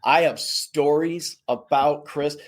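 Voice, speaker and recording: A man telling casual stories as a podcast guest, lively and full of voices for the people in them. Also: on the high side, slow pace. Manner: animated, does voices of people in his stories. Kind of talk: casual storytelling.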